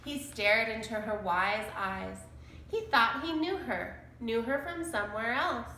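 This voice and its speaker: Woman reading a kids' book out loud, slow, bright, echoey room. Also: on the high side, slight background noise. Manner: slow, deliberate storytelling. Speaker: storybook reader. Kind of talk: reading a children's chapter book aloud.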